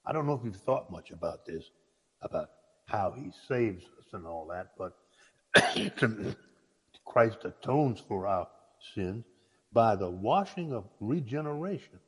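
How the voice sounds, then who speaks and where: A man preaching a sermon in a folksy, halting way, often restarting his words. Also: on the low side, expressive, fairly bright tone, slightly rough, big-room sound.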